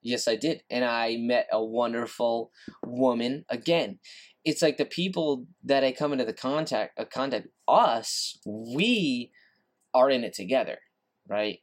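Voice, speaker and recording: A man's voice: medium pitch, measured pace. A man hosting a solo podcast, ranting in a frustrated, repetitive way and swearing casually. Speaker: podcast host.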